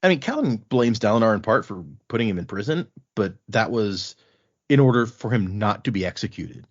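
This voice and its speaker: A man hosting a casual podcast, retelling a book's chapters in an animated way and quoting the characters in a loose, conversational voice. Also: fairly low pitch, fairly quick. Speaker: podcast host recapping a book. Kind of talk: casual chat. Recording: dull lo-fi podcast audio.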